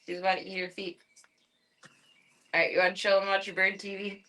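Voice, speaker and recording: A woman's voice: medium pitch, steady tone, fairly quick, pauses often, sharp tone. A woman livestreaming from home, chatting casually and cooing baby talk to her cat.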